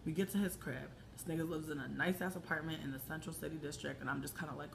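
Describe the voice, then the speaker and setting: A young woman telling a casual story to the camera, brash and profane, swinging between hushed asides and loud outbursts. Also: deep voice, fairly even intonation, fast talker, gravelly, few pauses, noisy background.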